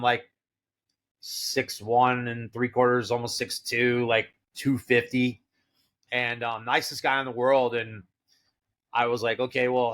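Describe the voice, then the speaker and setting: A man's voice: mid-range voice, pushed and bright. A middle-aged man telling a long story as a podcast guest, rambling with plenty of fillers and quoting what other people said. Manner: rambling, filler-heavy storytelling with quoted dialogue. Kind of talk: casual storytelling.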